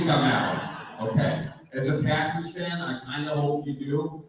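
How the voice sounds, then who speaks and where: A man's voice: on the high side, a little slow. A man from Wisconsin, speaking casually at a community meeting, joking and rambling through anecdotes. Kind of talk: casual public talk with jokes. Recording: very echoey hall, voice far from mic.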